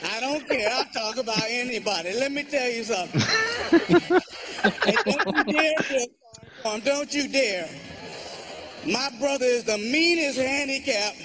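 A man telling a stand-up comedy story, animated and laughing along, over audience laughter. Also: extremely high pitch, normal speed, music in the background.

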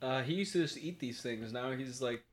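A man's voice: medium pitch, moderate pace. A man co-hosting a podcast in casual chat, blunt and dismissive. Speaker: podcast co-host. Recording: loud background noise with clicks.

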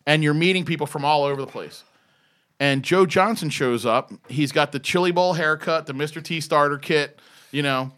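An older man from the eastern United States tells a rambling story in casual chat, swearing freely and cutting in on others. His voice is bright and forceful, pitched a touch high for a man. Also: normal speed. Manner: loud, profane, interrupting storyteller. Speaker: podcast guest.

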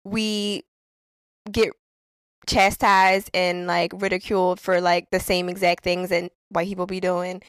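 A woman chatting casually and animatedly, full of slang and quick stories. The sound is dry and close, with no room around her voice. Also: on the low side, no room sound. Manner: animated, laughing, slangy storytelling. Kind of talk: casual conversation.

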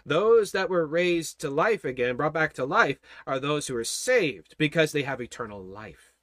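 A man leading a Bible study with a high, ringing voice, preaching with fervor and hammering on repeated phrases. The sound is dry and close. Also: very animated, moderate pace, fairly bright tone, dry recording. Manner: emphatic, repetitive, fervent preaching.

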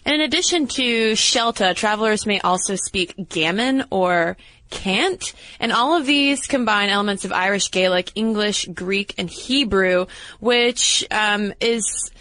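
A woman co-hosting a casual podcast, talking through history in a chatty, explanatory way. Her voice sits at a middle pitch, recorded close on a dry studio mic. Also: measured pace, bright, forceful tone, no echo, low-quality recording. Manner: chatty, explanatory, unsure of some pronunciations. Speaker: podcast co-host.

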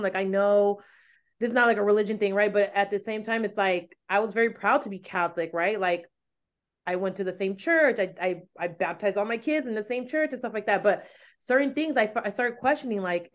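Chatty woman host, spanish first language, mid pitch, lots of likes and you-knows. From United States. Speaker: podcast host. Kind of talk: casual chat.

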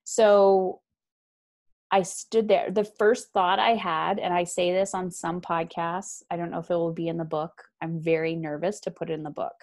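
A woman author, a guest who lives in Ontario, Canada, tells her personal story candidly in conversation with a low voice. She's frank and animated, acting out the voices of people she quotes and tossing in quick asides.

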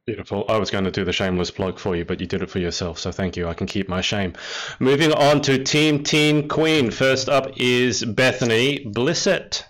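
A man's voice: mid-range voice, moderate pace, fairly bright tone. A man hosting an online game show over a video call, upbeat and teasing with his guests. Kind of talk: casual livestream hosting.

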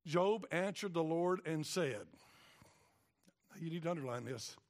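A man preaching a sermon, his voice pitched fairly high. He moves from quiet asides to emphatic, rising questions as he speaks in God's voice. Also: measured pace. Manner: animated, paraphrasing God in rising, emphatic bursts.

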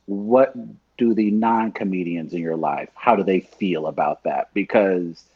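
A man's voice: low-pitched, a little slow, breathy edge, no echo, lo-fi sound. A man co-hosting a podcast from a cold room, asking curious, probing questions in casual chat. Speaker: podcast co-host. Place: cold room in New York.

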